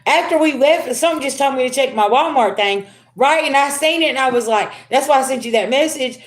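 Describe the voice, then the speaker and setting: A woman's voice: high-pitched, fairly quick. A middle-aged woman giving a casual spiritual reading to her viewers, talking to them as y'all in a chatty, laughing way. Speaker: spiritual reader. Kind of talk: casual tarot reading livestream.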